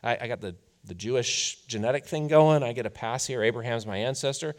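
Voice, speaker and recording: A man voicing a fiery male desert prophet who scolds the crowds in a booming, declamatory way. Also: fairly quick, close to an everyday voice. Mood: scolding.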